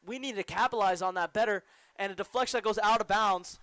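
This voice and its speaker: Teen guy doing play-by-play, high voice, smooth and clear, dry sound. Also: fairly bright tone, no echo. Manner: rapid play-by-play calls, rising when the action picks up. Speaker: play-by-play commentator. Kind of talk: student sports broadcast commentary.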